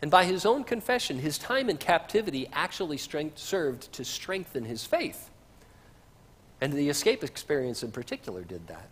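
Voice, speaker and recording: Male pastor, sermon; husky, animated delivery, easygoing asides; reverberant church stream. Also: fairly high pitch, moderate pace. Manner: conversational, with casual asides. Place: church sanctuary.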